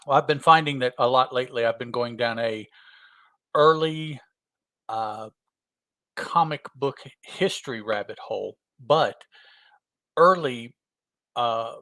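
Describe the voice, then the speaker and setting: Bright, rambling man co-hosting a podcast. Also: medium pitch, unhurried, long pauses, dry recording. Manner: rambling, hesitant, many fillers and restarts. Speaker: podcast co-host. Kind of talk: casual podcast chat.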